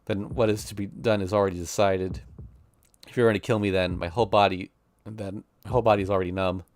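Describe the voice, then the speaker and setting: A man's voice: fairly low pitch, fairly even intonation, fairly quick, darkish tone, no echo. A man streaming, reading a visual novel aloud in an intense, emotional first-person narration.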